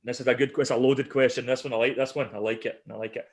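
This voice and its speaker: A middle-aged podcast host leads a casual chat, telling stories energetically in a mid-range voice at a quick pace. He's an animated storyteller who often breaks into laughter as he goes.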